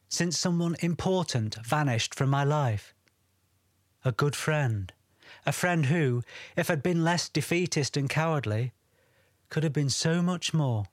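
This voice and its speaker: A man's voice: on the high side, dry recording. Wry male storyteller, dry sound. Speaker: narrator. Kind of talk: first-person audiobook narration.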